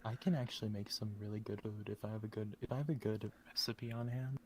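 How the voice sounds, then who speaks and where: A man from Minnesota chatting casually, talking softly and low so he won't wake the people around him. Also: racing, a little hiss or hum. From Minnesota, USA. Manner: soft, low, careful voice to avoid waking others. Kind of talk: casual chat.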